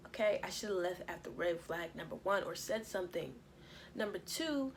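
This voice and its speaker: A young woman casually telling a personal story to her viewers, profane and lively, acting out what everyone said. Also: on the low side, moderate pace, slight background noise, poor audio. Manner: animated, profane, acts out quotes. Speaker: storytime vlogger.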